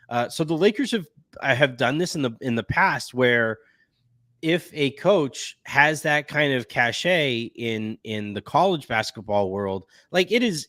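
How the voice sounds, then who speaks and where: A man's voice: mid-range voice, a bit bright, no echo, studio quality. A man hosting a casual sports podcast, talking in a rambling way with many restarts. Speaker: podcast host. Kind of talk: casual chat.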